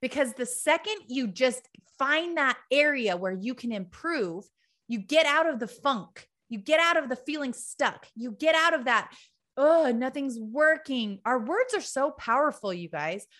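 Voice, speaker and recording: A woman with a high, bright voice delivering a tough-love motivational talk. She hammers her points through repetition and blunt emphasis, talking straight to her audience. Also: lively intonation, moderate pace. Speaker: motivational speaker. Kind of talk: direct-to-camera motivational talk.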